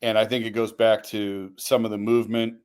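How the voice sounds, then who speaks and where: A man's voice: on the low side, little pitch movement, fairly quick, darkish tone, clean tone. A man who writes about sports, talking in an easygoing way as a guest on a talk show. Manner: easygoing, hedging with fillers.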